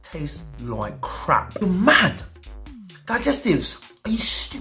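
A man's voice: high voice, huge pitch swings, takes it slowly, pushed and bright, soft background music. A man reviewing snacks on his vlog, talking casually with slang and theatrical, exaggerated outrage. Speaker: food reviewer.

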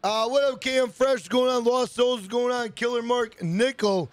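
Male streamer, very high voice, dry close sound, swears constantly, chatty storyteller. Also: steady tone, moderate pace, no room sound. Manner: profane, rambling storyteller greeting chat by name. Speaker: livestream host. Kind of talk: casual livestream chat.

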